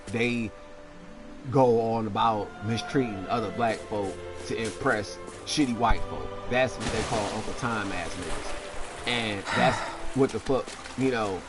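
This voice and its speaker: A man telling a heated, profane personal story while playing a game, often asking "you know what I'm saying". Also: on the low side. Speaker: gaming channel host. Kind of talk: casual storytelling over gameplay. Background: game music.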